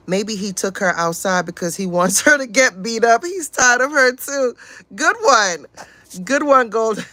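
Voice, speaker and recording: Slow-talking outspoken woman livestreamer. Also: fairly high pitch, expressive, pushed and bright, dry recording. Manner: outspoken and exasperated, swears freely. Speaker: livestream host reading chat. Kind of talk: casual livestream commentary.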